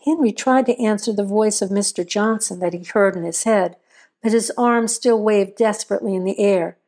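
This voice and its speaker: A woman reading a scripted horror story aloud in a measured, steady storytelling voice. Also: medium pitch. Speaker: narrator.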